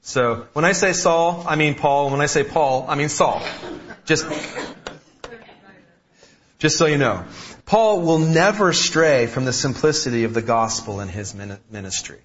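A man's voice: on the high side, unhurried, fairly bright tone, lo-fi sound, slight background noise. A man preaching a sermon as pastor, talking in a conversational way, repeating key phrases and restarting sentences.

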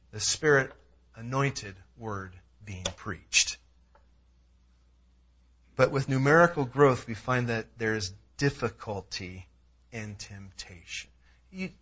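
Lively high-voiced preaching man. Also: breathy edge. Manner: animated, emphatic preaching with personal asides. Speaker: pastor. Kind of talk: expository sermon. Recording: dull lo-fi sound.

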